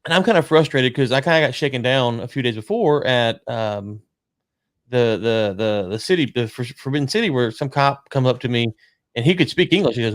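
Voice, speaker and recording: Animated man telling a story, dry sound. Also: medium pitch, a little fast, dry recording. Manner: animated storyteller, frequent restarts and quoted dialogue. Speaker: podcast co-host. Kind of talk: casual storytelling chat.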